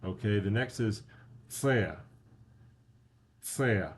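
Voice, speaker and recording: A man with a fairly low voice talks through a beginner lesson. He takes his time, drawing words out and pausing with fillers as he explains each point step by step. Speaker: language teacher. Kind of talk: casual spoken lesson.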